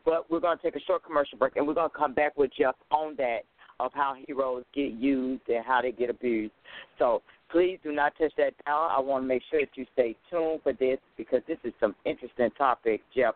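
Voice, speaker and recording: A man's voice: medium pitch, no room sound. A man hosting an internet radio talk show, loose and chatty, often repeating himself. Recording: dry phone line.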